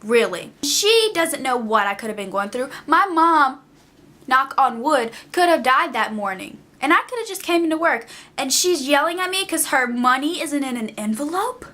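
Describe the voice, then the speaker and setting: A woman's voice: high-pitched, lively intonation, normal speed, hardly any pauses, sharp tone. A young woman vlogger ranting casually, exasperated and emphatic, often repeating herself for effect. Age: young adult.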